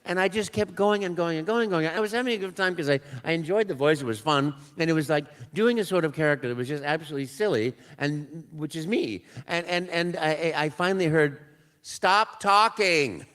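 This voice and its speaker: An older man spins an anecdote for a convention audience, his voice sitting slightly high. He is animated, slipping into other people's voices and imitating little sounds, with a story told from the stage. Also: quick pace, few pauses. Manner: animated, acts out dialogue and sounds. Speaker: voice actor guest. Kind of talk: live panel storytelling. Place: panel room at a convention.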